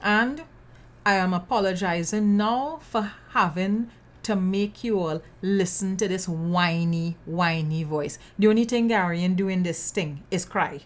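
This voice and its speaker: A woman's voice: fairly low pitch, unhurried. A woman with a Trinidadian accent hosting a news commentary podcast, outspoken and sassy, full of local slang and emphatic repetition. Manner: emphatic, repeats words for effect. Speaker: podcast host.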